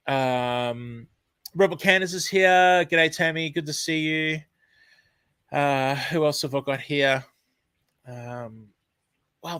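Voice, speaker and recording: An Australian man with a bright, forceful voice that sits a bit higher than usual, hosting a casual live stream. He rambles warmly through greetings, filling gaps with ums and correcting himself mid-word. The sound is close and dry. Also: no echo. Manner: chatty, rambling, lots of ums and self-corrections. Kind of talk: casual live chat reading out viewers.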